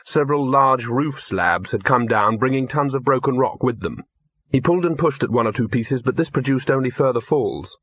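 A man reading a novel aloud in measured, scripted narration. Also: mid-range voice, animated, a bit bright, husky, dry recording. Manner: measured storytelling. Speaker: audiobook narrator. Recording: dull lo-fi, dry close mic.

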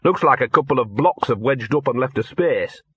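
A man's voice: medium pitch, animated, normal speed, bright, forceful tone, breathy edge, dry recording, highs cut off, exaggerated voice. Gaspode, a man voicing a grumbling talking dog. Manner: sardonic, grudging.

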